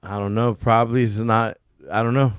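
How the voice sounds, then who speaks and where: A man's voice: mid-range voice, flat delivery, fairly quick, clean tone, no room sound, studio quality. A man hosting a casual podcast, talking in a thoughtful, rambling way. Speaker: podcast host.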